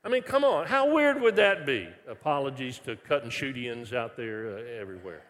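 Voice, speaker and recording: Pastor preaching in a big hall. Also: male voice, medium pitch, moderate pace. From Texas. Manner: animated, conversational preaching with many restarts, dropping soft for scripture. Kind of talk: sermon. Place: large church worship center. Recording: long reverb of a large hall.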